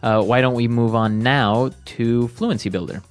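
A man's voice: mid-range voice, fairly even intonation, moderate pace, soft background music. A man hosting an English lesson podcast, upbeat, steering the segments with short confirmations. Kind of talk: leading a casual lesson chat.

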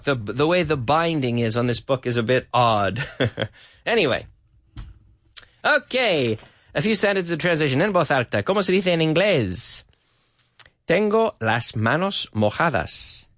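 Lively, chatty male English teacher. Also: a little high, dry recording, clean studio sound. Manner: chatty, laughs often, repeats phrases slowly for learners. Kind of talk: radio English lesson with translation drills. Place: radio studio.

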